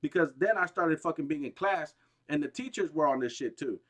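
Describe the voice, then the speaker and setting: A gaming streamer delivering a heated, rambling, profane rant, restarting sentences often and bursting out with emphasis. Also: male voice, a little high, animated, a little fast, fairly bright tone. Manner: agitated, emphatic outbursts.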